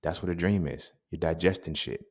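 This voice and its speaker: A deep-voiced young man holds forth on his podcast in a loose, unscripted monologue. His talk is animated and streetwise, heavy with slang and profanity. He sounds like he's explaining something he lived through to a friend. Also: a little fast. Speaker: podcast host. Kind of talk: casual monologue.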